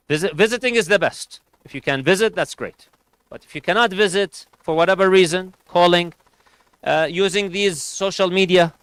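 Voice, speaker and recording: A man's voice: high voice, a bit bright, clear, resonant tone, no echo, low-quality recording. A man giving a sermon at a community gathering, earnestly advising parents and families and mixing in Arabic religious phrases. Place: community centre hall.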